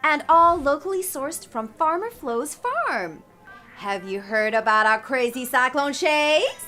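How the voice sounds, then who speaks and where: Woman doing a peppy Southern-accented diner gal, high bright voice, big sing-song swoops, slow drawn-out delivery, faint music behind. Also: sing-song, heavily acted. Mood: perky salesy. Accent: Southern American. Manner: upbeat salesy ad pitch. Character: cheery folksy female diner owner. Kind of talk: comedic radio-ad acting.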